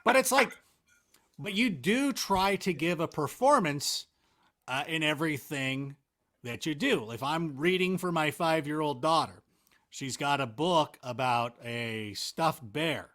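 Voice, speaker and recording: A man talking as a guest in a casual interview, animated, rambling and self-mocking. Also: on the high side, unhurried. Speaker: interview guest, NFL analyst.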